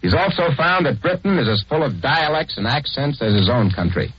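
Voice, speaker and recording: Wry, husky radio narrator. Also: male voice, a little high, big pitch swings, a little fast. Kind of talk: scripted 1940s radio narration. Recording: dull lo-fi 1940s radio.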